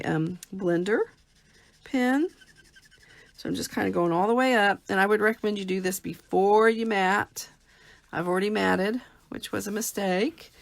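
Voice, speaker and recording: Gravelly-voiced woman demonstrating crafts. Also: medium pitch. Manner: chatty, self-interrupting, talks through each step. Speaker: papercraft host. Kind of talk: casual live craft demo.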